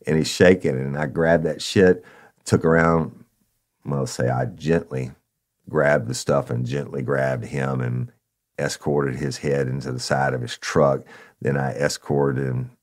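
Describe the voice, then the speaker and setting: A former narcotics officer tells a true crime story bluntly and profanely, addressing listeners as y'all. His very deep, gravelly voice keeps a steady tone at an unhurried pace.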